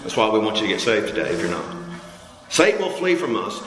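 A man's voice: sing-song, fast, background noise. A man preaching a sermon in a casual, conversational way, leading the congregation in call-and-response. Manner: conversational preaching with call-and-response, pitch climbing high when fired up. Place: church hall. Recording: echoey hall with long reverb.

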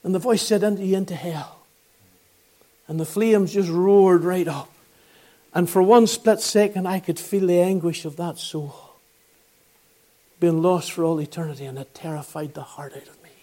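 Northern Irish male preacher, 60s, high-pitched, earnest and fervent gospel storyteller. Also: normal speed, dark tone. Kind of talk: gospel sermon testimony.

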